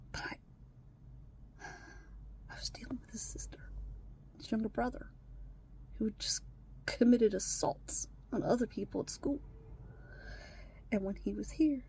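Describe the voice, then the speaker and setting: A stepmother records an emotional confessional vlog, her mid-range voice dropping to hushed whispers and then rising into strained outbursts. There's slight background noise.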